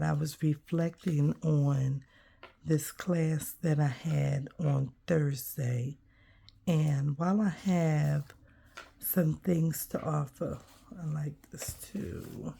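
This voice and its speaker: A woman talks softly to her camera as she glues a page, trailing off into thoughtful ums. Her voice sits low and slow, with a dark, gravelly, slightly husky tone. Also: steady tone. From United States. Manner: soft-spoken, musing, trails off with ums. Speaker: crafting vlogger. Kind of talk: reflective casual vlog while gluing paper.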